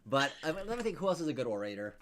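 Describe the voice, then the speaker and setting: A man's voice: mid-range voice, big pitch swings, very fast, a bit bright, slight background noise. A man coaching over a video call, rambling casually with many restarts and fillers. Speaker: interview coach.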